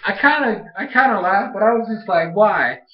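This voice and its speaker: An excitable young man with a high voice rambles through a casual episode recap and jumps up in pitch to act out quotes. He sounds like he is in a bare, echoey room. The recording is dull and lo-fi. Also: fairly quick. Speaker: video reviewer.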